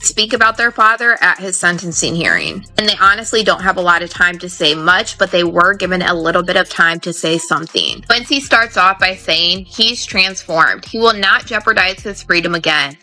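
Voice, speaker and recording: A woman narrating a celebrity news clip in a scripted, even manner. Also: fairly low pitch, normal speed, hardly any pauses, faint music behind, poor audio.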